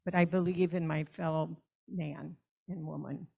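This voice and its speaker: A woman's voice: sits low, fairly even intonation, moderate pace, creaky, breathy edge, muffled recording. A woman in her eighties from the United States, giving a rambling, chatty testimony in a church. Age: 80s. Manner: rambling, chatty, self-amused. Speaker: church member. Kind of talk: personal testimony at a church service. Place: church sanctuary.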